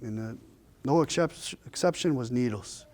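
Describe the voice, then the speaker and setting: Male storyteller, mid-pitched, casual oral telling, jumps up in pitch for quoted characters. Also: moderate pace. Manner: lively, acts out quoted voices with pitch jumps.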